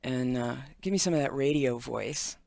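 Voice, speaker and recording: A man hosting a live radio interview, enthusiastic and quick to laugh and cheer. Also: mid-range voice, creaky, no echo. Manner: enthusiastic, loud whoops and laughs. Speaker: radio host.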